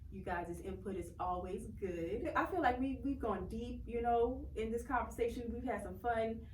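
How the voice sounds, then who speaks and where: A woman hosts a relaxed interview with an upbeat, playful manner and ready laughter. Her voice sits at a middle pitch and carries a roomy echo, a little distant from the mic. A faint hiss runs under it. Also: normal speed. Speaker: interviewer host. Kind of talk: casual interview chat.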